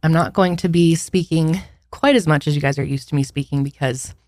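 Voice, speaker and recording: A woman's voice: low-pitched, a little fast, a little mellow, dry recording. A woman in her thirties co-hosting a podcast in casual chat, short of breath as she talks, chatty and upbeat but tired. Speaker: podcast co-host.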